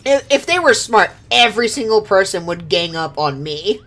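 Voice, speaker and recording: A woman's voice: mid-range voice, expressive, normal speed, a bit bright. A woman streaming a video game, chatting casually, laughing often, swearing freely and reading game lines aloud. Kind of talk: casual gameplay commentary.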